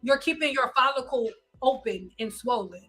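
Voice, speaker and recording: A woman's voice: high-pitched, normal speed, bright, forceful tone, faint music behind. A woman hairstylist hosting a live stream, giving blunt, insistent advice and repeating pointed questions.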